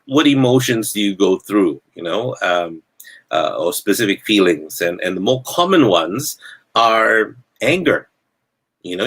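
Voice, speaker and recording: A man hosting a talk show, speaking in a halting, reflective way with many fillers and restarts. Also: fairly low pitch, fairly bright tone. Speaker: podcast host.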